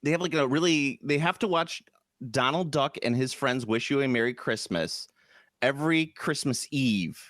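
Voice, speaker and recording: A man's voice: mid-range voice, a bit bright, no echo, studio quality. Rambling man on a casual podcast. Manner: rambling, halting with restarts and fillers. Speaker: podcast co-host. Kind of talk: casual chat.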